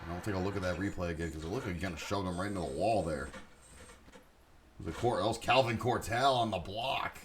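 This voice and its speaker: Excitable male play-by-play streamer. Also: sits low, a little fast, a little hiss or hum. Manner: excitable, rises to shouts on big plays, chatty asides. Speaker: sports game commentator and streamer. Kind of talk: live play-by-play commentary.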